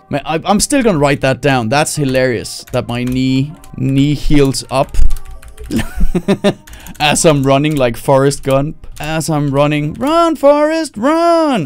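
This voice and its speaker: A comedian writing jokes live on a stream, thinking out loud, who breaks into high screaming voices to act out his bits and laughs at his own lines. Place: home streaming setup.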